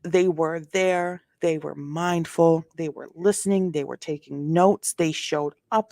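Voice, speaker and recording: A woman with a somewhat low voice talks casually, reading legal documents aloud and breaking off into animated, sassy asides. She often restarts her sentences. The recording is dry and close, with no room sound. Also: unhurried, hardly any pauses, dry recording. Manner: reads documents aloud, then reacts with sass. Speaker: commentator reading court filings. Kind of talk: casual commentary vlog.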